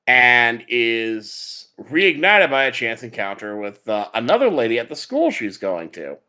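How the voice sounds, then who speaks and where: A man's voice: medium pitch, unhurried, hardly any pauses. A man co-hosting an anime podcast, summarizing a show's plot in a casual chatty way. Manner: lively, summarizing a plot with filler words. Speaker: podcast co-host. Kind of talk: casual chat about anime.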